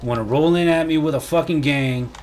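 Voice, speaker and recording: A man's voice: a little high, fairly quick. A man ranting and swearing through a let's play commentary. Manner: salty, swearing, ranting at the game. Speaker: gaming YouTuber.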